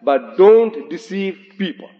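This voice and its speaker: An older man giving a public lecture as an animated storyteller, slowing down for emphasis and reciting Arabic phrases. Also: high voice. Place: large hotel lecture hall. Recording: dull, echoey 1980s lecture hall recording.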